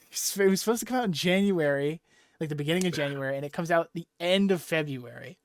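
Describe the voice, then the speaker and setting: A man in a podcast chat, talking somewhat high and loose as he recaps a comic, full of fillers and swearing. His voice is close and dry, with no room sound around it. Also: fairly quick, no echo. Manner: rambling, profane, filler-heavy storytelling. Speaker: podcast co-host. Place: podcast recording setup. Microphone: podcast microphone.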